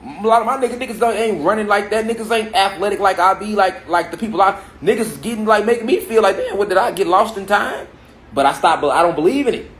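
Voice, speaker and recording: In a large room before a gathered audience, a man in his thirties with an African American Vernacular English accent gives an emphatic spiritual lecture, his somewhat high, fairly bright voice rushing along fast with hardly any pauses. He leans on rhetorical questions and repeated phrases. The recording echoes and has a faint hiss beneath it.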